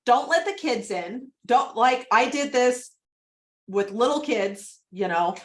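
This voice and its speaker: A woman coaching on a video call, chatty and animated, laughing often as she talks. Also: on the high side, slow. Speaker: real estate prospecting coach.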